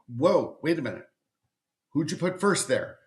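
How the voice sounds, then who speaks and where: A man's voice: a little high, sing-song, a little slow. A middle-aged man, a literary agent, giving emphatic and repetitive advice straight to the viewer in an educational talk. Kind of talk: direct-to-camera educational talk.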